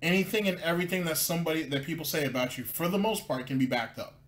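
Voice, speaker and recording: A man's voice: fairly high pitch, fast, fairly bright tone. A man hosting a casual commentary show, reacting sarcastically to clips and often stumbling and repeating words as he talks. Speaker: commentary host.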